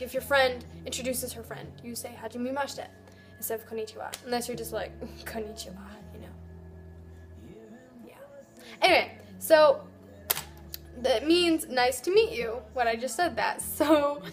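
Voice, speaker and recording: A woman giving a casual video lesson on Japanese, chatty and loose, slowly sounding out words syllable by syllable. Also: high-pitched, soft background music. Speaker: Japanese language teacher.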